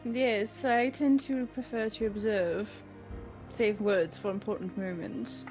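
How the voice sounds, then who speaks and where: A woman's voice: mid-range voice, steady tone, darkish tone, soft background music, natural voice. Woman playing a reserved, dry-witted adventurer. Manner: measured, dry, sardonic.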